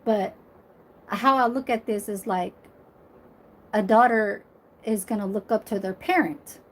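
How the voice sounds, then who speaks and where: Woman vlogger in her forties, blunt and profane, unhurried delivery. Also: mid-range voice. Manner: blunt, emphatic, profane, laughs loudly. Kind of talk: casual monologue to camera.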